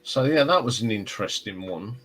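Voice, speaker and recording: A man's voice: on the low side, expressive, fairly quick, fairly bright tone, husky, low-quality recording. A man hosting a casual live stream, chatting and telling rambling stories. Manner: rambling, chatty storyteller with restarts. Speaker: livestream host.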